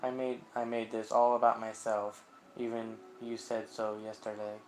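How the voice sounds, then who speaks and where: A man's voice: lowish voice, a little hiss or hum, poor audio. A man reading the lines of a guilt-ridden teenage girl who leads a school club, in an earnest, self-blaming tone.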